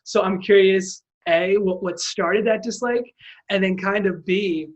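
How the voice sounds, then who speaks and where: Podcast host, man, high voice, casual and stumbling on questions. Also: dull audio. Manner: halting, repeats words while framing questions.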